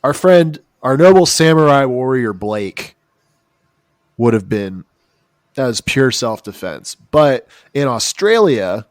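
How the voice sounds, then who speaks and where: A man's voice: mid-range voice, very animated, takes it slowly, no echo, clean studio sound. A man from the United States telling a true crime story in casual, joking podcast chat. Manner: joking, rambling, mocking asides. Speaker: podcast co-host.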